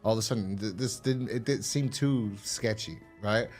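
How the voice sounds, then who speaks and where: Podcast host, man, low voice, loose profane chat, faint music under. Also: normal speed, darkish tone. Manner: rambling, profane, acts out quotes in a higher voice. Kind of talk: casual review chat.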